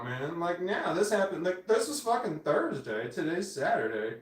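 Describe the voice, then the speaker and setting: A man's voice: a little high, very animated, moderate pace. A man in his forties livestreaming from home on a phone, rambling and swearing, often breaking off mid-sentence. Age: 40s. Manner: rambling, swearing, self-interrupting. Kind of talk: casual livestream chat. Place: indoors at home. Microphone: phone camera. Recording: echoey room, off-mic.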